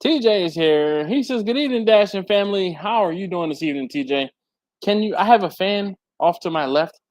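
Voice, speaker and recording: A man hosting a casual livestream from a hot garage, chatting and reading viewer comments aloud, laughing often. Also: brisk. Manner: chatty, laughs often, lively swings in pitch. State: hot and sweaty. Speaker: livestream host. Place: warm home garage with a fan and air handler.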